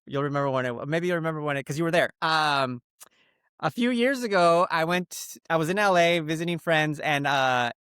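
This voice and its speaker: A man's voice: a little high, moderate pace, smooth, dry recording, studio quality. A middle-aged man co-hosting a podcast, telling a story in a rambling casual way with lots of restarts. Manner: rambling, full of "like" and restarts, animated retelling. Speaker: podcast co-host.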